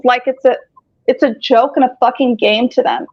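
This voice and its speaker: A woman with a fairly high voice rambles through a long account, swearing freely and stalling on fillers. She is heard over a dull, lo-fi video-call connection. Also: steady tone, a little fast, a little mellow. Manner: rambling, profane, frequent filler words. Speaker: caller telling her story. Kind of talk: casual chat on a group call. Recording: lo-fi call audio.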